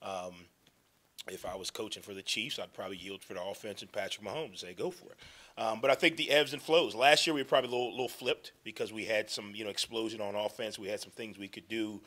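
A man, a head football coach, explaining his thinking at a press conference with many ums, repeated phrases and frequent throat clearing. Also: lowish voice, steady tone, fast talker, fairly bright tone.

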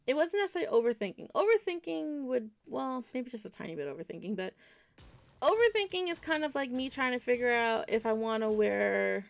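Woman, game streamer, casual chat with viewers, gravelly fry, rambling, self-correcting, reassuring. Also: on the high side, animated, fairly quick.

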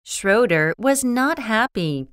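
A woman's voice: fairly high pitch, lively intonation, takes it slowly, fairly bright tone, smooth, no echo. A woman narrating a graded reader story for English learners, reading carefully and expressively on a close studio mic.

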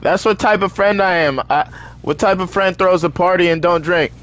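Slangy young man, slightly high voice. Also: moderate pace. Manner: slangy, animated storytelling with excited outbursts. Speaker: streamer. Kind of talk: casual stream chat while gaming.

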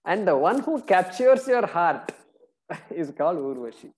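A scripture teacher in a relaxed class lecture, with a warm, mellow tone at a middle pitch. The talk moves between retelling a story and chanting verses, broken up by fillers like "uh" and "you know". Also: unhurried, slightly rough.

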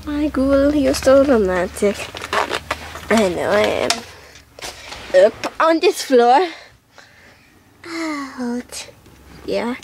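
A woman's voice: high voice, animated, extremely slow, long pauses, background noise. A woman making a doll show, doing every character in playful switching voices, recorded at home. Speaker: doll video maker voicing all characters.

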